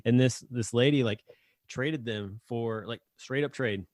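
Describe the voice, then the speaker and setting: A man from Northern Indiana chats with his co-host in an easygoing way. He laughs often and fills his sentences with ums and uhs. His voice sits at a middle pitch and is recorded close and dry. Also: unhurried, a little mellow, no echo. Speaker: podcast co-host. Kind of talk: casual chat.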